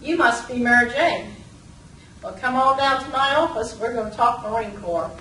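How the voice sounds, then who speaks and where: A woman voicing a gracious female Marine captain with a sweet Southern accent and unhurried, polite manner. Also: on the high side, pushed and bright, slight background noise. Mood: welcoming. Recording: roomy, distant from the mic.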